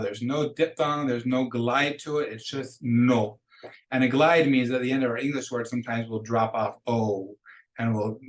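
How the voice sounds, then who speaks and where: A man teaching a recorded beginner language lesson, explaining casually and slowly modeling each phrase twice for students to repeat. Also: medium pitch. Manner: casual explaining with restarts between drills. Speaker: Spanish teacher.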